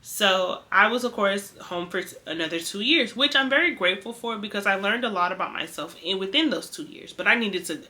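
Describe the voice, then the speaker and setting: A young woman from the Bay Area tells a personal story in a relaxed, chatty way. Her voice is bright and clear-toned, with a middling pitch. She gets animated and acts out what people said. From San Francisco Bay Area. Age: young adult. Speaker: vlogger sharing a testimony.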